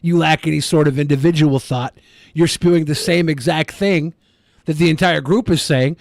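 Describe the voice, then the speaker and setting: A man's voice: fairly high pitch, moderate pace, vocal fry, no room sound. Sarcastic man co-hosting, dry sound. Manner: crude, sarcastic banter. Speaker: podcast co-host. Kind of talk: casual podcast chat.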